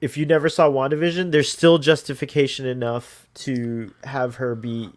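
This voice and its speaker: A man's voice: mid-range voice, little pitch movement, moderate pace. A man co-hosting a podcast, chatting casually and rambling with lots of "like" fillers. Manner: rambling, many "like" fillers, laughs easily. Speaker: podcast co-host. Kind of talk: casual chat.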